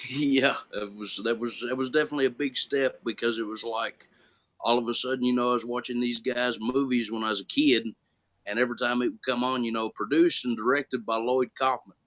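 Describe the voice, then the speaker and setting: A man's voice: medium pitch, fairly quick, muffled recording. A man telling stories in casual chat as a guest, acting out quoted exchanges. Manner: animated storytelling, acts out quoted exchanges. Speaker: guest actor.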